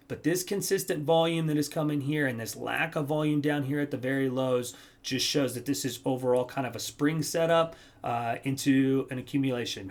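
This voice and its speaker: A man casually talking viewers through stock charts, energetic and rambling, correcting himself as he goes. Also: medium pitch. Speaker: stock trading youtuber. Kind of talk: casual chart analysis talk.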